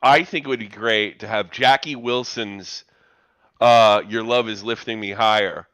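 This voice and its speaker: A man's voice: fairly low pitch, steady tone, unhurried, fairly bright tone, clean tone, no room sound. A man on a podcast, stammering and eager in casual chat.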